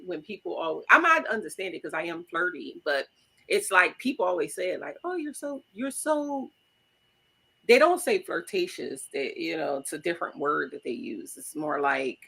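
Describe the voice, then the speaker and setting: Lively, bright-voiced woman co-host. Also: deep voice, fairly quick, vocal fry, slightly rough. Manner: animated storyteller, acts out quotes, laughs loudly. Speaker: podcast co-host. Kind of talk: casual chat.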